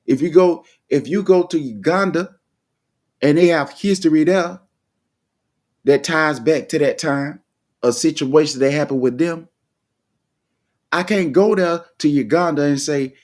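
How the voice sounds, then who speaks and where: A man's voice: on the high side, a little mellow. Man giving rhetorical livestream commentary. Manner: repeats rhetorical questions to listeners; frequent halting restarts. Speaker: livestream host. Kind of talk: casual commentary monologue.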